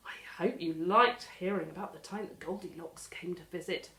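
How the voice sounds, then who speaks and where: A woman with an English accent telling a children's story as a library storyteller, animated and full of dramatic gasps. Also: fairly low pitch, normal speed, slight background noise. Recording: echoey room.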